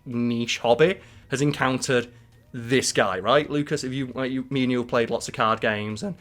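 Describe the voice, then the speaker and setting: A man co-hosting a casual podcast, animated and laughing as he acts out quotes. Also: mid-range voice, normal speed. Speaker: podcast co-host. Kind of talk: casual chat.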